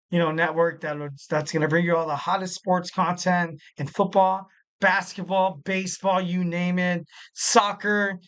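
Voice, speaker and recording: A man's voice: high-pitched, a bit bright, smooth. A man hosting a casual solo wrestling podcast, rambling and jokey, with lots of filler words. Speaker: podcast host.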